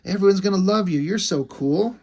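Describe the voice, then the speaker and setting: A fawning, over-excited showbiz manager, as a man puts him on, pitched well above his normal voice. He heaps gushing praise in quick, bright bursts. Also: creaky.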